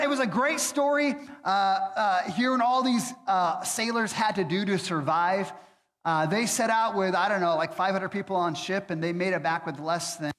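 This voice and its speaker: Male pastor, high voice, casual halting delivery, long church-hall reverb. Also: fairly bright tone. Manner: conversational, hesitant with frequent fillers. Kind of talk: sermon. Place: church sanctuary.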